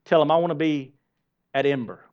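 A man preaching a sermon to a church congregation, lively and asking them direct questions. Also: on the high side, fairly quick, clean tone. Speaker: pastor. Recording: dull lo-fi sermon recording.

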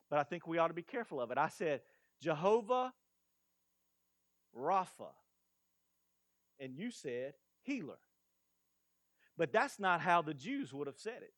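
A man preaching a sermon as pastor, lively and quizzing the congregation. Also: high-pitched, no echo, studio quality.

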